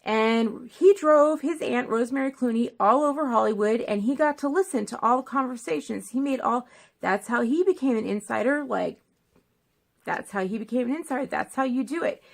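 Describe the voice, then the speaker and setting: A woman's voice: fairly high pitch, normal speed, vocal fry. A woman talking casually to the camera as a film vlogger, rambling and digressive, with lots of fillers.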